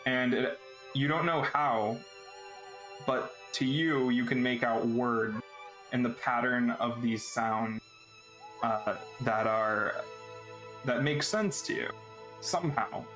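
A man's voice: mid-range voice, slow, long pauses, fairly bright tone, reverberant, faint music behind, low-quality recording. A man narrating a tabletop game as game master, loose and laughing, full of filler words.

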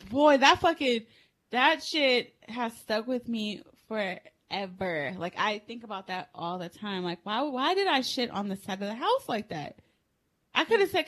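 A young woman co-hosting a podcast, telling a crude story with loud laughter and lively, animated storytelling. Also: a little high, unhurried. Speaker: podcast co-host. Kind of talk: casual chat.

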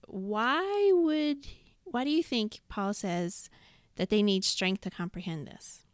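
A woman's voice: mid-range voice, slow, no room sound, clean studio sound. A woman leading a casual Bible study discussion, who reads scripture aloud and poses questions to the group.

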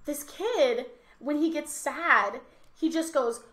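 A woman's voice: high-pitched, takes it slowly, a bit bright. A young woman, a teacher, co-hosting a casual podcast and telling stories animatedly, acting out the kids' voices. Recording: roomy echo.

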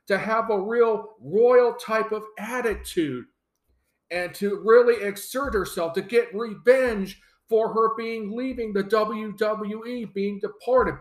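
A podcast host delivering a solo rant, exasperated and sarcastic, who repeats phrases for emphasis. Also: medium pitch. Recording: roomy echo.

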